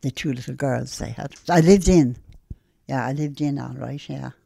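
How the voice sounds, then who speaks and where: An elderly Irish woman with a Dublin accent, telling stories from her youth to an interviewer in a lively, plain-spoken way. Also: extremely low pitch, moderate pace, vocal fry, no room sound. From Ireland. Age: older. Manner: lively and plain-spoken, acting out old conversations. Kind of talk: storytelling reminiscence.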